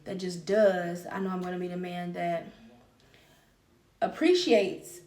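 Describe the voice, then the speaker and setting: A woman's voice: on the low side, steady tone, measured pace, a little mellow, echoey room, distant mic. A woman hosting a podcast, talking openly and emphatically about her feelings and repeating phrases to drive her point home. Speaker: podcast host. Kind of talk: personal monologue on healing.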